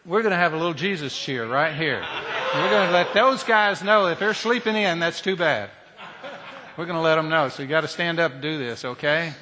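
A man preaching a humorous, animated storytelling sermon to a congregation. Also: on the high side, a little fast, long reverb tail, a crowd in the background. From Southern United States. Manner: humorous, animated, leads shouted cheers.

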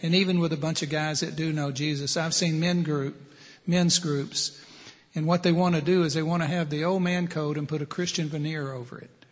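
A man's voice: fairly high pitch, steady tone, moderate pace. Earnest preacher man, ringing reverb. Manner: earnest, plain-spoken, lists points. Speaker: preacher at a men's ministry. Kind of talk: sermon.

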